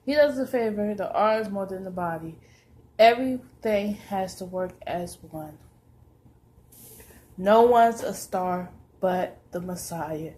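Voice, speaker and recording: A woman giving a religious exhortation to believers, emphatic and halting, repeating phrases for stress. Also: on the low side, mellow. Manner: halting, restarts often. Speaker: preacher.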